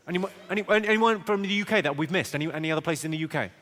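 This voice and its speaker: A male stand-up comedian doing crowd work with brisk deadpan one-liners, teasing the audience at a live comedy venue. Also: on the high side. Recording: loud background noise.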